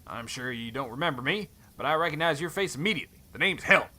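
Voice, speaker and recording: A man voicing a rough, friendly male mercenary from a fantasy game, with a put-on cowboy drawl and a folksy, sly way of talking. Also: on the high side, lively intonation, fast, sharp tone, heavily acted.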